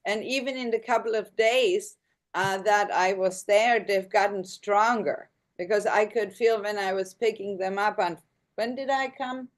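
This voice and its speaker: A woman's voice: mid-range voice, a little slow. A woman, a guest on a video call, talking casually with many fillers. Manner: chatty, hesitant fillers, gentle.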